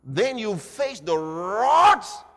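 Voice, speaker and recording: A man preaching a dramatic sermon, swinging between shouts and hushed, low passages. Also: very animated, very slow. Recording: long reverb of a large hall.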